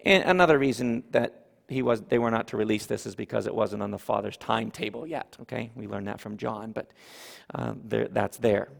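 Animated preacher in a reverberant hall. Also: male voice, on the low side, a little fast, vocal fry. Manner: animated, emphatic preaching with audience asides. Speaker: pastor. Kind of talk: sermon.

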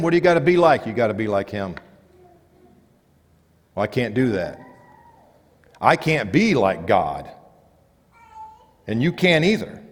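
Man preaching in a reverberant church. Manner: rising and dropping emphatic delivery, quiet low stresses. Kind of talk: sermon. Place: church sanctuary.

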